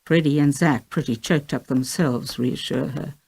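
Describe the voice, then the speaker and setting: A middle-aged woman narrating her own memoir as an audiobook, in a quiet, measured way. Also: sits low, slightly rough. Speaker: author and narrator.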